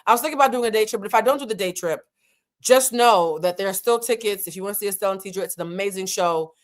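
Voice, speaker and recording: A woman's voice: medium pitch, rapid-fire. Woman host for a chatty reality TV recap, frank and slangy, talks straight to the viewers. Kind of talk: casual commentary.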